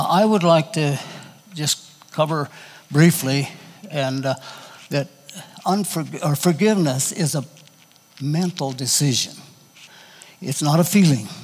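A man preaching a sermon in a folksy, halting, conversational way, telling personal stories to his congregation. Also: a little high, husky, big-room sound.

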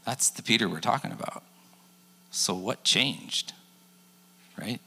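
A man's voice: lowish voice, takes it slowly, vocal fry, bright, forceful tone, breathy edge. A man in his forties preaching a sermon in a casual, joking way and acting out the people in his story. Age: 40s. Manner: conversational, jokey, acts out quotes. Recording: long echo of a large hall.

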